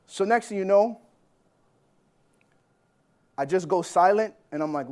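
A man preaching a sermon as a personal story, animated, swinging between loud bursts and hushed lines. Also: high voice, measured pace, pauses often. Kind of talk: sermon testimony.

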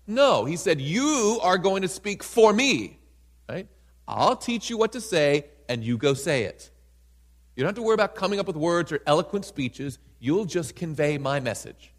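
A man delivers an animated sermon and acts out the scripture quotes, laughing often. His voice sits high and swings widely in pitch. The sound rings with long hall reverb. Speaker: preacher.

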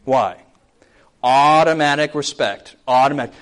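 A man in his thirties preaching a sermon as a pastor, keeps asking the audience yes or no, and acts out quick voices. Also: medium pitch, noisy background. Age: 30s. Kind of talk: lively sermon to a congregation.

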